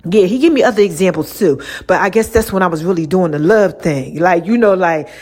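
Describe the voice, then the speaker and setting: A woman's voice: on the low side, brisk, darkish tone. A woman speaking, hosting a podcast as a casual monologue, slangy and playful, often laughing. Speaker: podcast host.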